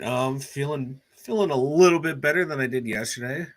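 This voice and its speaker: A man's voice: mid-range voice, moderate pace. A man co-hosting a casual sports chat show while sick with a cold, laid-back and congested, mostly giving short agreeing replies. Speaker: podcast co-host.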